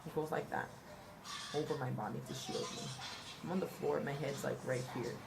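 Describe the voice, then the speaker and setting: A young woman telling a personal story in a casual, halting way, often repeating and restarting her words. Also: very deep voice, creaky, low-quality recording. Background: music.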